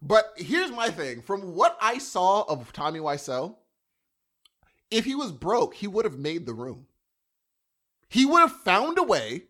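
A man co-hosting a podcast, talking casually and enthusiastically with frequent restarts. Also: high-pitched. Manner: animated, enthusiastic, quick bursts and restarts. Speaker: podcast co-host. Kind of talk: casual chat.

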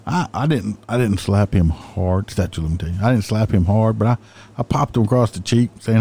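A man's voice: on the low side, fairly quick, mellow, husky. A man, a police officer, casually telling a story in a laid-back, profane way and laughing through his lines.

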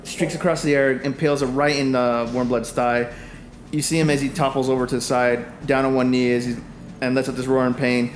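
A man running a tabletop game as game master, narrating combat in halting, filler-heavy descriptions. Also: medium pitch, little pitch movement, reverberant, slight background noise.

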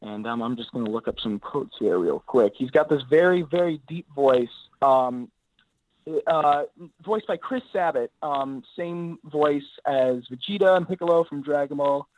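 A man's voice: mid-range voice, lively intonation, a little slow, darkish tone, rough recording. A man being interviewed as an actor guest, talking in an easygoing, rambling way with lots of filler words. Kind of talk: casual interview chat.

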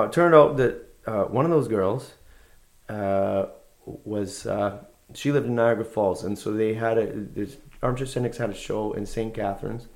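A man's voice: fairly low pitch, vocal fry. A man, a guest musician, telling anecdotes in a casual conversation, rambling and laid-back with lots of fillers and restarts.

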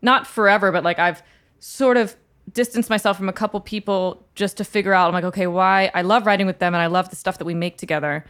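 Woman, casual storyteller, blunt and profane, quick to laugh. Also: medium pitch, fairly even intonation, a bit bright. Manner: candid, profane, laughs often.

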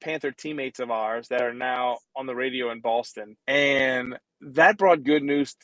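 A man's voice: medium pitch, a little slow, fairly bright tone, no room sound, low-quality recording. A man in his forties co-hosting a casual chat, telling stories, laughing easily and often restarting with stammers. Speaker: podcast co-host, former football player.

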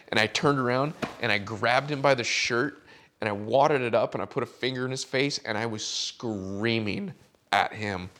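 A man who works as a caddie, telling a story in a podcast chat and acting out the quotes with animated delivery. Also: lowish voice, moderate pace.

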